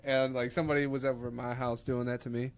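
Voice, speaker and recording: A man's voice: medium pitch, level tone, fast talker, clean tone. A young man on a friends' podcast, chiming in with brash, crude remarks. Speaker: podcast co-host. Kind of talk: casual chat among friends.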